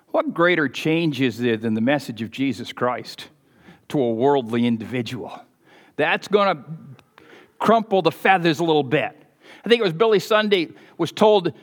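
A man preaching a sermon as the pastor of his church, fervent and emphatic, shifting between loud stressed points and quiet asides. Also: high-pitched. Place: church sanctuary with balcony. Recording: long church reverb.

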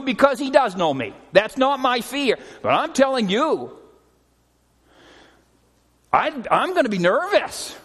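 A middle-aged man preaching a sermon as a pastor, telling stories earnestly and often slowing and dropping his voice for emphasis. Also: very high-pitched, very animated, a bit bright. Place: church sanctuary. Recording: long hall reverb.

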